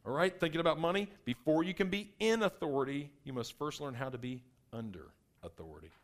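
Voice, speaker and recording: A middle-aged man giving an energetic seminar talk as a workshop presenter, acting out personality types in quick little voices. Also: on the high side.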